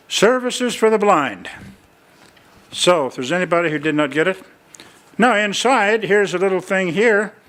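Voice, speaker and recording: An older man preaches in a church, his voice sitting a little high for a man. He spins folksy stories and chatty asides as he pitches a fundraising appeal to the congregation. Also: fairly bright tone.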